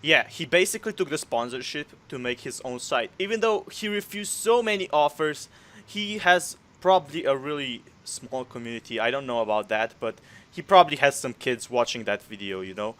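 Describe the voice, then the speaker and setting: A man's voice: medium pitch, expressive, normal speed, fairly bright tone. Blunt young man chatting casually. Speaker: podcast co-host. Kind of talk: casual podcast chat.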